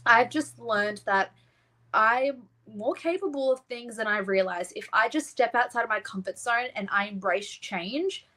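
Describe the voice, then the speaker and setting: A woman's voice: on the high side, unhurried, bright, forceful tone, poor audio. Earnest young Australian woman. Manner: earnest, heartfelt, rambling. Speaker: pageant winner guest. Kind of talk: casual interview chat.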